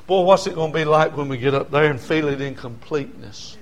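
An older man, preaching a sermon as pastor in a folksy storytelling way, swinging from quiet talk to shouting. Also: a little high, brisk.

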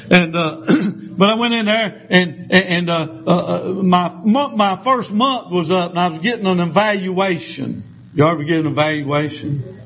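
A man's voice: high voice, fairly bright tone, highs cut off, slight background noise. A man with a Southern US accent preaching a folksy sermon, telling homespun stories with a drawl and chuckles.

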